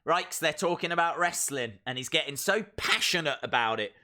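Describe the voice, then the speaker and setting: Playful, animated man hosting a live stream. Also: on the high side, a little fast. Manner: playful, rambling, jokey asides. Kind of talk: casual live stream chat, reading viewer comments.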